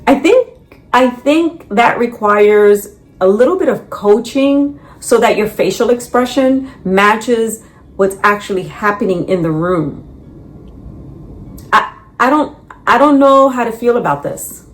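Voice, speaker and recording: A middle-aged woman telling the story of her layoff, with lively quotes of what others said. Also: on the high side, slow, soft background music. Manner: animated, quotes others in dialogue. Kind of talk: storytelling in a reacted clip.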